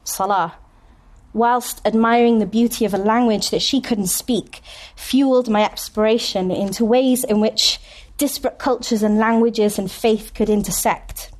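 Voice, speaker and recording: A woman from Wales, giving a conference talk as a poet, telling stories with wry humorous asides and slowing down to read poems deliberately. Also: fairly high pitch, steady tone, a little mellow. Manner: slows down and reads poems deliberately. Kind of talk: conference talk with poetry reading. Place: university conference room.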